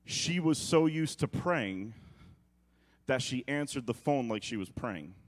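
A middle-aged man from New York preaches through a funny personal story, his voice sitting in an ordinary middle register. He is animated, acting out quotes and sound effects and tossing off quick jokey asides. The delivery mixes reflective points with lively bursts of humor. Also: medium pitch. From New York, United States.

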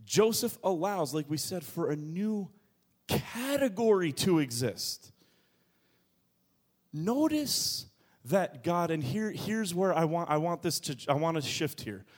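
A man preaching a sermon as pastor, moving between quiet low asides and loud, high bursts of emphasis. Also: sing-song, slow. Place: church.

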